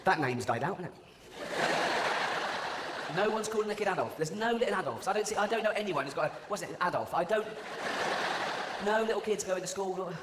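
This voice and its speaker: A man's voice: sits high, expressive, fairly quick, long pauses. Man, stand-up comedian, mocking, sardonic, long hall reverb, heavy crowd noise. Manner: mocking, sardonic, laughs at own jokes. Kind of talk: live stand-up routine. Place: large live venue. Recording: echoey hall with loud audience.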